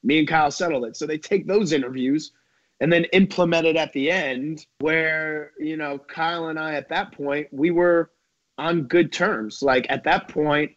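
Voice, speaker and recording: A man's voice: on the high side, a little slow, dry recording, dull audio. A man as a podcast guest in casual chat, telling stories in a rambling way full of "like" and "you know". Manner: rambling, fillers like "like" and "you know", animated storytelling.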